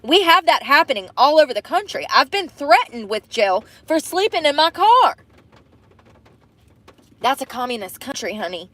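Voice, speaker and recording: A woman's voice: sits high, sing-song, moderate pace, a bit bright. A young woman venting and swearing to her phone camera from inside a parked car during rain. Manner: frustrated, swearing, ranting. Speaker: vlogger living in her car. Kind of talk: venting vlog.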